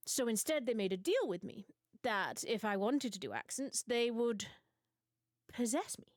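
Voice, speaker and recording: A young woman from Britain telling absurd mock confessions to her stream audience in a deadpan, mock-serious way. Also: fairly high pitch, moderate pace, no echo. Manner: mock-serious storytelling, dry absurd humor. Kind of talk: deadpan comedic monologue.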